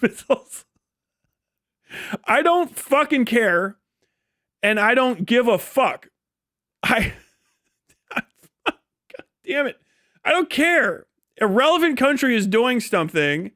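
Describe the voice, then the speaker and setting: Brief: male streamer, very high pitch, dry close sound, swears constantly, exasperated rant. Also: fairly bright tone, no room sound. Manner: profane, exasperated ranting with frequent laughs. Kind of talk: livestream rant.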